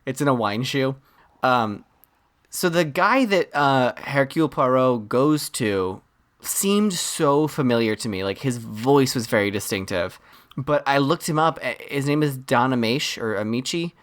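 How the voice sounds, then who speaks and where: Podcast co-host, casual film chat, emphatic, rambling, medium pitch. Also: expressive, measured pace. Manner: rambling, emphatic, lots of acted-out asides.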